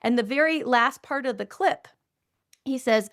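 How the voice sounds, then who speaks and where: A woman speaking as a doctor guest on a podcast, telling a story in an animated, conversational way with frequent filler phrases. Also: sits high, a little slow. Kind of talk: conversational interview.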